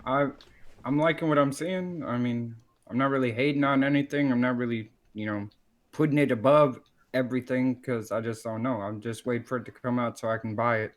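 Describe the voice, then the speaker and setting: A man's voice: mid-range voice, fairly even intonation, brisk. A man on a casual gaming podcast, talking in a laid-back, easygoing way.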